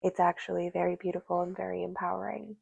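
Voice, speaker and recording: A woman's voice: fairly low pitch, flat delivery, quick pace, creaky, darkish tone, slightly rough, no room sound, lo-fi sound. A woman giving a casual spoken tarot reading, musing aloud and speaking directly to the spirits and to her viewers. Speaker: tarot reader.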